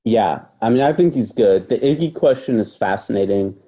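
A man's voice: lowish voice, animated, normal speed, dark tone. A man co-hosting a basketball podcast, talking through his views in a casual, thoughtful way with many fillers and hedges. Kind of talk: casual analytical chat.

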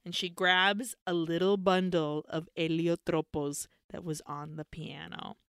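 A woman's voice: on the low side, unhurried, smooth, no room sound, clean studio sound. A woman co-hosting a podcast, animatedly retelling a film with free swearing and bits of Spanish. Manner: animated storyteller, swears freely, mixes in Spanish. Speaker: podcast co-host.

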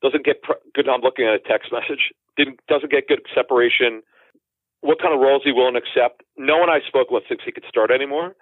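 This is a dry phone-call recording with that tinny line quality, featuring a man in his forties who is a football insider guest. He speaks at medium pitch and a brisk clip, and his storytelling meanders, with lots of restarts and side remarks in a relaxed interview.

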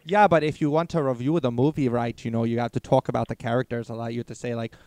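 A young man co-hosting a comedy podcast, his voice smooth and clear on a dry, close mic. He rambles and jokes crudely, throwing in profanity as he goes. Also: mid-range voice, fairly even intonation, quick pace, a little mellow, no echo. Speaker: podcast co-host.

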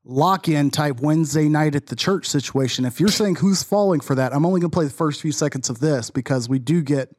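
Sarcastic podcast guy from arlington, kinda high voice, dead dry mic. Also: brisk, few pauses, darkish tone, no echo. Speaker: podcast co-host. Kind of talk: casual sports podcast chat.

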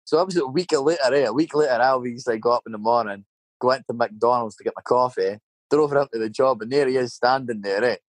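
A man's voice: mid-range voice, quick pace, no room sound. Middle-aged Scottish man, Scottish accent, rambling and sweary chat storyteller, dry close sound. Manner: swearing, rambling anecdotes with tag questions.

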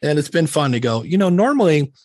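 A man's voice: a little high, big pitch swings, quick pace, darkish tone. A middle-aged man talking candidly as a podcast guest, telling stories in a self-deprecating way with many restarts. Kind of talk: casual interview chat.

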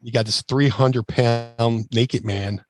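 A man's voice: medium pitch, takes it slowly. A man telling a casual anecdote as a guest, rambling with fillers and restarts and acting out quotes in shifting voices. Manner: animated storyteller, acts out quotes in shifting voices.

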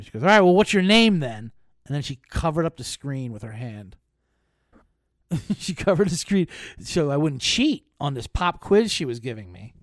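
A male host tells wry travel gripes in a loose, foul-mouthed comic rant, his voice swinging up and down with lively expression. His pitch sits in a middle range. The sound is dry and close, with no room around it. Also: no room sound. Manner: profane, animated storytelling with laughs. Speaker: podcast host. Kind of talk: casual comedic rant. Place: touring, recorded while traveling.

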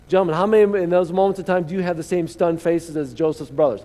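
A male pastor preaches with a fairly high voice and animated, storytelling energy. He calls out to his congregation. His words ring through a church sanctuary that has a long echo. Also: fast talker, hardly any pauses. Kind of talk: sermon. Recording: long hall reverb.

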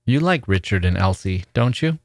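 A man voicing a gentle, attentive father who speaks in a coaxing way. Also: on the low side, animated, normal speed, no room sound, clean studio sound.

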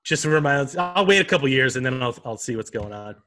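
A man's voice: medium pitch, expressive, fast talker, pushed and bright. A man co-hosting a casual comedic news podcast, with a dry, wry, easygoing delivery. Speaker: podcast co-host.

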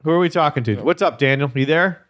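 A man hosting a podcast, teasing callers with deadpan jokes in casual chat. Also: fairly high pitch. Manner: deadpan teasing, quick asides. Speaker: podcast host.

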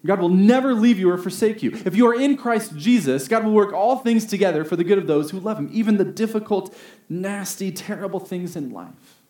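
A man preaching a sermon, earnest, rising to emphatic peaks and slowing down on key phrases. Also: sits high, lively intonation, mellow. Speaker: pastor. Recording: roomy echo.

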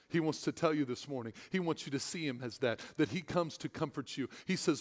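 High-voiced pastor preaching in a reverberant hall. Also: male voice, a little fast. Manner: swings from loud excited preaching to hushed tender speech. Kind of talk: sermon. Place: church hall.

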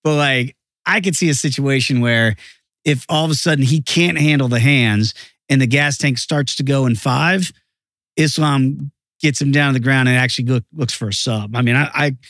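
A man talking as a guest analyst in a casual sports betting chat, animated and emphatic. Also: mid-range voice, normal speed, no room sound.

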